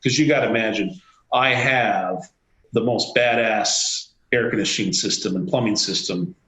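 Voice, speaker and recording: Man telling a lively anecdote. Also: fairly low pitch, normal speed, roomy sound, low-quality recording. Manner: animated, acts out quoted dialogue. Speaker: CEO guest. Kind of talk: anecdotal storytelling.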